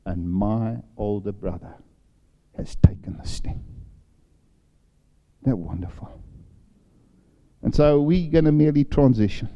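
A man's voice: medium pitch, dark tone, lo-fi sound. An older man preaching a sermon, telling a personal story and acting out the voices in it. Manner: storytelling, acts out voices in his anecdotes. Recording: long hall reverb.

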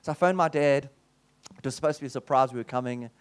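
A South African man preaching, telling a personal testimony as a story with lively swings in his voice and frequent restarts and asides. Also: mid-range voice, fast, smooth.

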